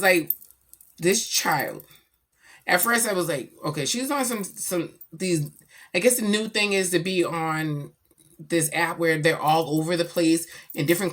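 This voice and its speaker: A middle-aged woman chatting casually about her daughter, animated and slangy as she tells stories. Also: on the low side. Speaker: vlogger, mother. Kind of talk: casual chat.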